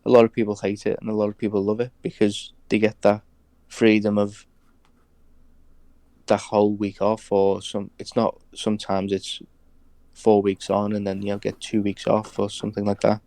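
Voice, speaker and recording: Low, flat-voiced man, casual podcast guest. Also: moderate pace, no echo. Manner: hesitant, many ums and restarts. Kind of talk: casual chat.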